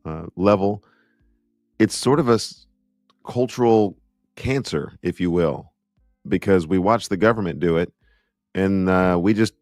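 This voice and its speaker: A man's voice: low voice, unhurried, pauses often, darkish tone, no room sound, studio quality, faint music behind. A man co-hosting a casual talk show, playful and teasing, with emphatic asides. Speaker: co-host. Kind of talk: casual conversational commentary.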